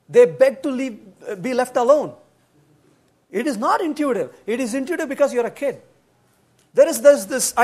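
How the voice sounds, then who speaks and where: Casting: middle-aged man, very high voice, animated blunt conference lecturer. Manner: animated, emphatic, answers bluntly with humor; acts out quoted dialogue in changed voices. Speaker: conference speaker. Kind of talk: workshop lecture with audience questions. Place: conference room.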